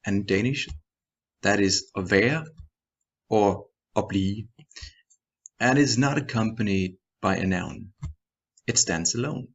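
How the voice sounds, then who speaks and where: A man teaching a language grammar lesson in a measured, scripted way, reading example sentences and their translations. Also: on the low side, fairly bright tone, breathy edge, muffled recording. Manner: measured, reads example sentences in Danish then English.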